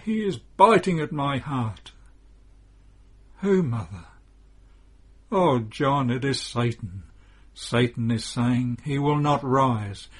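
A husky, medium-pitched man voices a grieving mother beside her dead son, pleading with anguished exclamations.

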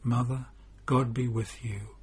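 A man voicing a calm spiritual teacher in a devotional story, speaking solemnly. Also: medium pitch, slow, breathy edge.

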